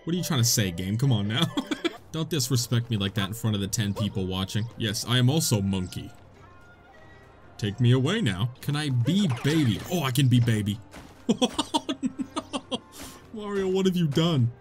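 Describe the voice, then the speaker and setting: A young man giving comedic, excitable commentary while playing a video game, laughing often, with game music behind him. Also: mid-range voice, moderate pace. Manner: joking, excitable, frequent laughter. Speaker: gaming YouTuber. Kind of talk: comedic let's-play commentary.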